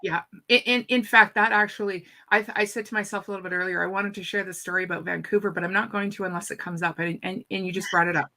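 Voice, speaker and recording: A woman telling a story in an animated, casual chat, often repeating her first words. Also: mid-range voice, quick pace, hardly any pauses. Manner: animated, repeats words when starting sentences. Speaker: guest speaker.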